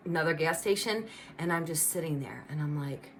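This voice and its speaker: A middle-aged woman telling a personal faith testimony in a lively, chatty storytelling way. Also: sits low, brisk, a little hiss or hum. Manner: animated, conversational storytelling with lots of "like" and "you know". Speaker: speaker giving a personal testimony.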